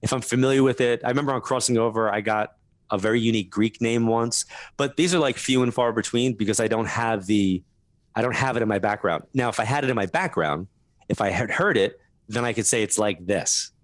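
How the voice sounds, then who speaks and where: Male guest, low-leaning voice, chatty storyteller, laughs easily, dry studio sound. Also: no echo. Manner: laughs through his stories, quick asides. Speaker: guest medium. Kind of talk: animated storytelling interview.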